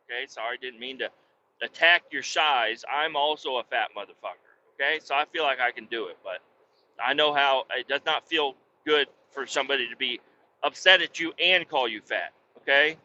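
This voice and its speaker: A man co-hosting a podcast, telling a work story in a profane, animated, casual way. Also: normal speed, muffled recording, slight background noise. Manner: profane, animated, puts on a sweet high voice for quoted niceness. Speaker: podcast co-host.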